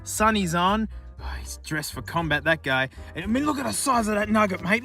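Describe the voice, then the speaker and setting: An Australian man chatting casually outdoors in remote bushland, rambling excitedly and joking with the things he finds. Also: high-pitched, brisk, vocal fry, faint music behind. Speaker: YouTube host. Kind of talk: casual vlog commentary.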